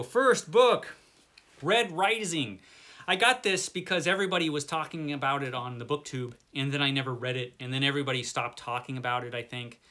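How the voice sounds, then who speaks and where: A man's voice: medium pitch, bright, forceful tone. A man hosting a casual book tour video, chatting in a rambling, self-deprecating way. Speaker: book channel host.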